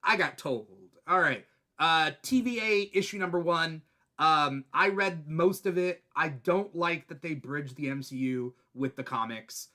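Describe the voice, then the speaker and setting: Fired-up guy hosting a comic podcast, kinda high voice, swears some. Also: a little slow. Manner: excitable, opinionated, swears. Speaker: host. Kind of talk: casual podcast chat.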